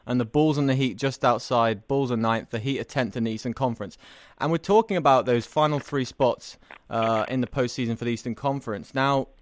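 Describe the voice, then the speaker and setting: A man's voice: medium pitch, a little fast, few pauses, no room sound. A man hosting a sports podcast, talking in an upbeat, chatty way. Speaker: podcast host. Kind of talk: casual sports podcast chat.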